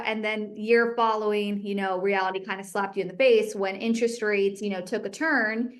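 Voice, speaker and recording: Candid, energetic woman telling her story. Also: medium pitch, normal speed. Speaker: guest speaker, real estate agent. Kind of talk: motivational talk.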